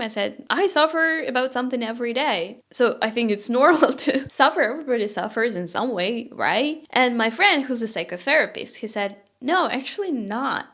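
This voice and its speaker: A woman's voice: on the high side, a bit bright. A young woman talking candidly to camera in a personal vlog, emotional and close to tears, laughing nervously between sentences. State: close to crying. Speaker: vlogger.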